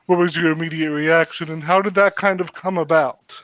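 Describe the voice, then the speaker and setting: A man hosting a podcast, explaining background to listeners and asking the guest questions in a measured way. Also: a little high, fairly even intonation, a bit bright, no echo. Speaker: podcast host. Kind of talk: interview questions. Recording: dull, muffled sound.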